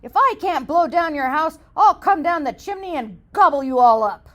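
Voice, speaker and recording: A woman voicing a big bad hungry male wolf in a storybook reading, with loud, drawn-out, growling threats. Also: sits high, animated. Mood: blustering.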